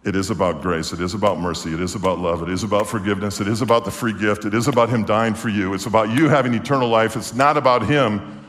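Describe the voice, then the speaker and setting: A male preacher giving a sermon, animated and fervent, swinging from hushed storytelling to exclamations. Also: lowish voice, quick pace. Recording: long hall reverb.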